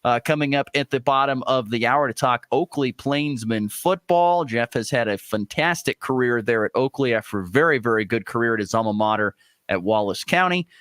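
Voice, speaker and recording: A man's voice: a little fast, no room sound. Chatty man hosting a sports radio show. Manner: chatty, many "uh" fillers, lively swings in pitch. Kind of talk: morning sports radio talk. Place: radio studio. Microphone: studio microphone.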